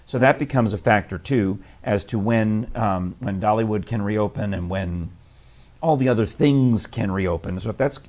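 A man's voice: lowish voice, moderate pace, a little mellow. A man with a scratchy throat from allergies, co-hosting a casual radio chat, rambling and laughing often. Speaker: radio show co-host. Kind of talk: casual morning-show chat.

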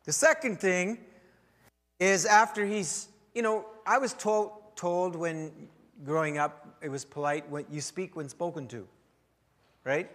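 A man preaching a sermon as pastor, telling a story with wry humor and swings in loudness. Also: high-pitched, measured pace. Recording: long hall reverb.

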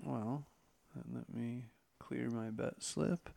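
A man's voice: mid-range voice, steady tone, slow, vocal fry, dark tone. A man co-hosting a casual podcast, talking loosely and joking, swearing now and then. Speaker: podcast co-host. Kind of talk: casual chat.

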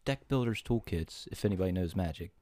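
Deep-voiced animated podcast storyteller. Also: male voice, brisk, dry recording. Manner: animated storyteller, swears, rises into mocking quotes. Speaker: podcast co-host. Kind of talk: casual podcast chat.

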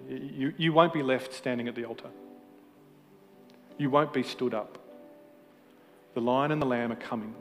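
A man preaching a sermon with passion, swinging between emphatic peaks and quiet moments, with self-deprecating humor. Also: mid-range voice. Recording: hall reverb with faint music.

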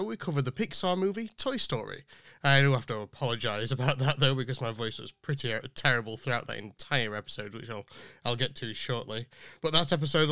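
A young man hosting a podcast, chatting casually and rambling with fillers, his voice still a little rough from recent illness. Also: mid-range voice, a bit bright, dry recording, studio quality. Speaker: podcast host. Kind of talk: casual chat.

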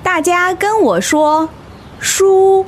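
A woman playing a Chinese teacher who drills her class slowly and clearly in a recorded lesson dialogue. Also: very high voice, fairly even intonation, heavily acted. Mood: instructive.

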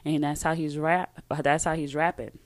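This podcast host's voice is low-pitched with a flat delivery and moderate pace, captured in a dry recording. Alone at the mic, she chats emphatically, often trailing off and starting again, and reads a sponsor ad amid the casual talk.

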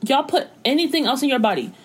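A woman's voice: high voice, very animated, slightly rough. Exasperated, emphatic young woman. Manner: exasperated, emphatic, quick to agree. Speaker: co-host. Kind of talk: casual chat.

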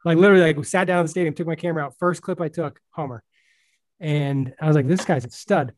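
A man hosting a casual baseball podcast, chatting in a relaxed way with lots of fillers. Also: fairly high pitch, fast talker, slight background noise. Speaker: podcast host.

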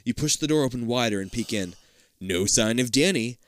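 Animated, cursing male comedy host. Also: medium pitch, a little fast, no room sound, studio quality. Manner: animated, swearing, laughing asides. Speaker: podcast host reading a children's book aloud. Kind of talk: casual comedic reading and chat.

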